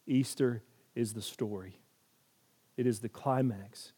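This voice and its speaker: A man preaching a sermon, telling the story dramatically and swinging from hushed lines to booming ones. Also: steady tone, slow, breathy edge.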